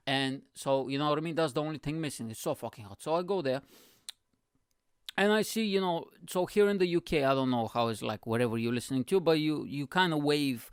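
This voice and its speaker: Host, comic monologue, rambly and foul-mouthed man, slightly high voice, dry close sound. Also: fast, clear, resonant tone, no echo. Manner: rambling, sweary, animated storytelling. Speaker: podcast host. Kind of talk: comedic monologue.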